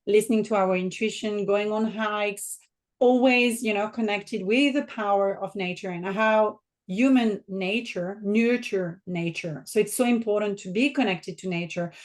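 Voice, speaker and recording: A woman in her forties from the south of France, speaking with a French accent in a mid-range voice, is a podcast guest answering interview questions in a measured, reflective way.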